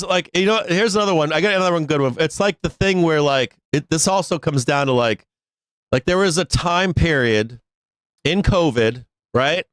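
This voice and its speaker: Guy ranting on a live trading stream, swears a lot, slightly high voice, dry sound. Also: a bit bright, no echo. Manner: blunt, profane and laughing, with frequent restarts. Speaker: host of a live stock market show. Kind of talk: casual live-stream rant.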